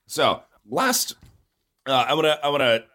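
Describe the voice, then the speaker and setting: A man talks through economic ideas in a relaxed, conversational way. His pitch swings widely as he tells stories. He slips into character voices for the people in his jokes. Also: measured pace. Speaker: co-host explaining economics. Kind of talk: casual explanatory chat.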